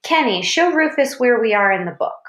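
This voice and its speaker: A woman's voice: fairly high pitch, expressive, normal speed, fairly bright tone. A woman voicing a polite, firm schoolteacher addressing her class. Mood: coaxing. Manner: coaxing classroom tone. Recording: roomy echo.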